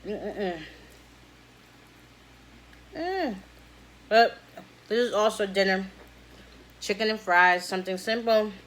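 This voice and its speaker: A woman chatting casually while eating fried chicken for a vlog, slangy and relaxed, humming with pleasure between bites. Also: medium pitch, takes it slowly, pauses often, slight background noise. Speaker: mukbang vlogger.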